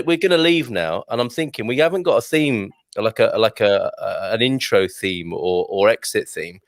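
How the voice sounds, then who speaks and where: A chatty man hosts a casual online show from home, reading viewer messages aloud and laughing easily. His voice is mid-pitched and sits close and dry on a video-call mic. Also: no room sound. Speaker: host.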